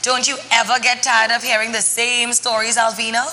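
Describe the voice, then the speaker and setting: A woman playing a lively granny. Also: a little high, fairly quick, long reverb tail, a little hiss or hum. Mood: fond. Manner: lively, coaxing, animated. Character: warm lively Trinidadian grandmother.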